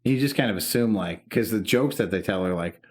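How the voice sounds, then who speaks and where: A man's voice: on the low side, animated, fairly quick. A man in his thirties co-hosting a podcast, telling an emotional story in casual, profane chat. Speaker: podcast co-host.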